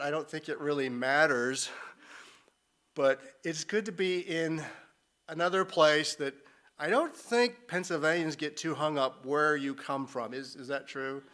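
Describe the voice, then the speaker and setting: A middle-aged man talks to a church congregation in a loose, joking way, laughing at himself as he drifts off topic. His voice is bright and sits a little high. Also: measured pace. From northern United States. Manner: joking, rambling, self-deprecating. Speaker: missionary speaker. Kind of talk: conversational church talk.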